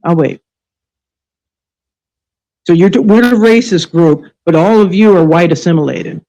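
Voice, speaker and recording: A woman's voice: on the low side, measured pace, warm tone, low-quality recording. Furious, profane woman ranting live. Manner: angry, profane, sarcastic; scolding, rhetorical questions. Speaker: livestream show host.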